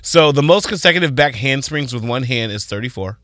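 A man co-hosting a morning radio show, reading out trivia questions and adding quick, casual asides. His voice sits in a middling pitch and has a bright, forward edge. The studio mic keeps the sound close and dry. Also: animated, no echo. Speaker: radio co-host. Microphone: studio microphone.

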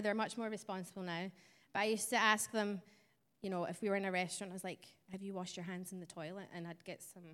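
A Scottish woman, a missionary, explains things to a church congregation in a friendly way, chuckling now and then. Her voice sits at a middle pitch. It rings out with a long reverb in the church hall. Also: fairly bright tone. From Scotland. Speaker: missionary speaker. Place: church sanctuary.

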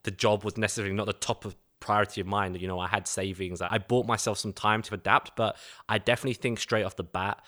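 A man's voice: fairly low pitch, fairly even intonation, fast, fairly bright tone. A man from East London with a Cockney accent, chatting casually and telling stories about moving abroad. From East London, England. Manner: chatty, storytelling, laughs easily. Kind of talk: casual conversation.

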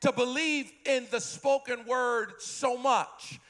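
A man in his fifties preaching a sermon in church, impassioned, repeating refrains and rising to shouted peaks. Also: very high voice, fairly even intonation, slow. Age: 50s. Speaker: pastor.

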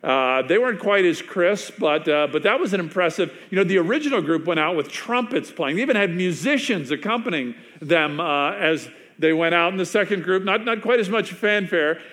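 A man preaching a sermon who tells it like a story, chatty and unpolished, with plenty of ums and restarts. His voice sits a bit higher than most men's, and he sinks to a hushed near-murmur when he wants a line to land. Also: lively intonation, a little fast, hardly any pauses. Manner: conversational storytelling with frequent fillers and restarts; drops to a hushed, quieter voice for emphasis. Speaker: pastor.

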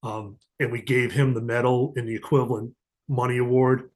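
A man's voice: mid-range voice, moderate pace. A middle-aged man, a podcast guest, casually telling stories and acting out the lines of the people in them. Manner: animated storyteller, acts out quoted dialogue. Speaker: podcast guest, diplomatic security agent. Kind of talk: casual storytelling interview.

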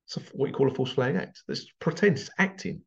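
Man, gravelly, lively swings in pitch, rambling sarcastic vlog monologue. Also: brisk, lo-fi sound. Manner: rambling, sarcastic rhetorical questions. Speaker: vlogger. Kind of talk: casual monologue to camera.

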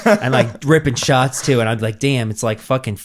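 A young man, telling stories in casual chat and acting out quotes in a jumpy, swearing way. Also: fairly quick. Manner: animated, acts out quotes with jumps in pitch, heavy swearing.

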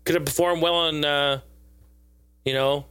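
A man's voice: fairly high pitch, fairly even intonation, measured pace, bright, forceful tone, clear, resonant tone, dry recording. A man giving casual, profane and sarcastic gaming news commentary in a rambling way.

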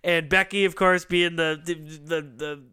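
A man's voice: fairly high pitch, steady tone, a little slow, bright, forceful tone, smooth. A man hosting a pop culture show, casually retelling a story at length and acting out the lines he quotes. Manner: rambling storyteller who acts out quoted lines, laughs often. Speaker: podcast host. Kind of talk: casual chat.

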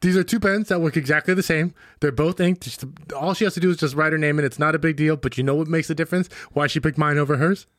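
A young man with a slightly raised pitch chats across a table with a friend. He tells stories with energy, voicing the people in them and laughing along. The recording is close and dry. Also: quick pace, few pauses, no echo. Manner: animated storyteller, laughing, acts out quotes. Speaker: podcast co-host. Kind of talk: casual chat. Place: small room at a table.

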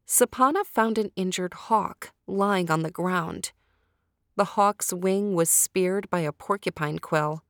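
A woman storyteller narrates a children's tale at a slow, deliberate pace. Her voice sits a little low. The recording is close and dry with no room sound. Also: no echo. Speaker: storyteller host.

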